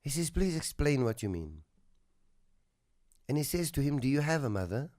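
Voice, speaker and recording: A man hosting a radio talk show, telling a moral story in a slow, earnest way that drops to a soft hush at its tender moments. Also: mid-range voice, big pitch swings, no echo, studio quality. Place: radio studio.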